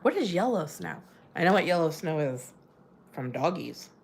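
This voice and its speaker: A woman's voice: low voice, big pitch swings, moderate pace. A woman hosting a casual livestream from home, chatting with viewers and laughing often, her voice jumping up when she greets them. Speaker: livestream host. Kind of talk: casual livestream chat reading comments. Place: home in New Jersey.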